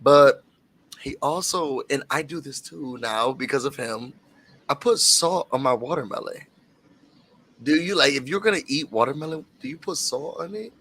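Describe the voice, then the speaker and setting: A man with a Southern American accent co-hosting a casual chat on a video call, talking fast and laughing often. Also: medium pitch, a little hiss or hum. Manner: animated, quick talker, laughs often. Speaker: co-host.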